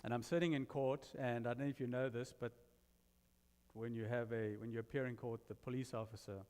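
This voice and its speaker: Guy preaching a sermon, funny self-deprecating stories, mid pitch, long hall reverb. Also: a little fast. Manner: animated storyteller, self-deprecating humor. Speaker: guest minister. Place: church sanctuary.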